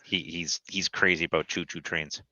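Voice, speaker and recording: A man on an online call from home, chatting casually and gently talking to his young child beside him. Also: low-pitched, steady tone, moderate pace, no echo. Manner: easygoing, softly coaxing his small child. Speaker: guest on the chat, a father. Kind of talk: casual chat. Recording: dull, dry lo-fi call audio.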